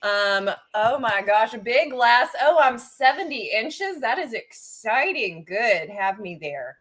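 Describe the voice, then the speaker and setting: Female stream host, bubbly and excitable, a touch higher than most. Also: slow pace. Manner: bubbly and excitable, swings loud and soft. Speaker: livestream host. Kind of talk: casual livestream chat.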